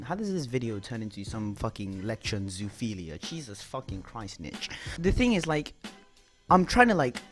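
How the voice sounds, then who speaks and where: A young man ranting in a YouTube commentary video, swearing often and using lots of filler words. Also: medium pitch.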